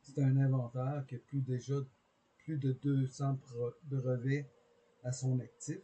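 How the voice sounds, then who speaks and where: A man giving a short, sincere spoken introduction to a video, slightly halting. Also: mid-range voice, little pitch movement, mellow, poor audio.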